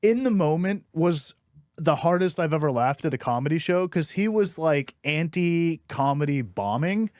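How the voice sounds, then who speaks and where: A young man, a stand-up comic, telling animated stories in casual podcast chat and swearing freely. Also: a little high, normal speed, no room sound, clean studio sound. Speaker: stand-up comedian and podcast host.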